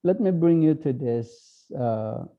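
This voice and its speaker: A man with a Filipino accent, a priest giving an online talk, speaking slowly and haltingly with many fillers. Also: on the high side, animated, phone-quality sound. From Philippines. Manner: slow, halting, with frequent fillers.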